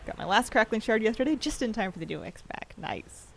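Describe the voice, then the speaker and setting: Gravelly, lively game streamer chatting. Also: mid-range voice, fairly quick, a little hiss or hum. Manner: laughs often, reads viewer questions aloud. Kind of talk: casual chat while gaming, answering chat. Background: faint game music.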